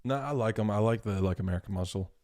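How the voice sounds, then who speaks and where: A man's voice: fairly low pitch, fast talker, a little mellow. A young man with a Southern country accent, chatting easygoingly as a podcast guest. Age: young adult. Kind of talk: casual chat.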